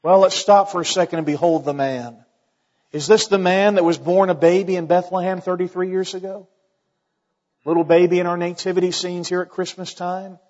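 A man preaching a sermon as pastor, building to dramatic rises and dropping to a hush when he quotes the scripture. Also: in a large hall, lo-fi sound. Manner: preaching with dramatic rises and hushed, low-voiced quotations.

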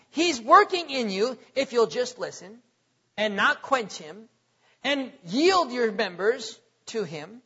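A man's voice: very high-pitched, very animated, unhurried, sharp tone, breathy edge. A man preaching a sermon in a church, emphatic and repetitive, firing off rhetorical questions to the congregation. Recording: echoey hall, dull lo-fi sound.

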